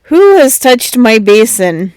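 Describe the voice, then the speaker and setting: A woman's voice: fairly high pitch, very animated, takes it slowly, darkish tone, dry recording. A woman voicing a big, stern father bear who growls his lines. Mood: growling.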